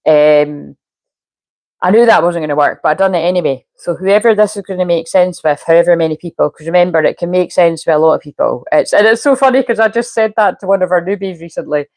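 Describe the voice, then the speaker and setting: A woman's voice: lowish voice, quick pace, darkish tone, no room sound, low-quality recording. A woman, a spiritual coach chatting casually on a live stream and muttering to herself while she fiddles with settings.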